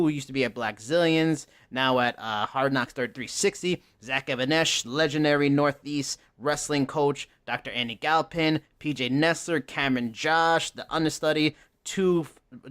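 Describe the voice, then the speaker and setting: A man's voice: mid-range voice, fairly bright tone. A man hosting a podcast, chatting casually with a jokey, upbeat announcer-style delivery. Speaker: podcast host.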